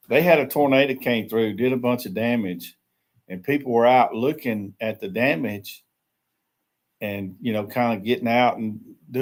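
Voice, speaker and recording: A man hosting a casual morning chat livestream from a small shed, greeting viewers by name and laughing often. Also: on the low side. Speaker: livestream host. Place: small shed used as a tiny house.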